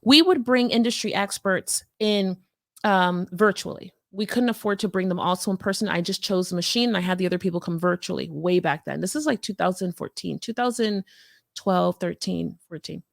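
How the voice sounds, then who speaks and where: A woman business founder giving an energetic, conversational motivational talk, with many fillers and restarts. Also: on the low side, moderate pace, vocal fry, no room sound, studio quality. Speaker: business coach and company founder.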